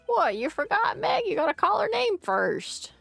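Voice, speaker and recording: Brief: woman playing a rambling old pasta-shop owner, creaky and high, big swooping lines, video game. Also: wildly swooping pitch, moderate pace, fairly bright tone, dry recording, faint music behind, full character voice. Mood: doting.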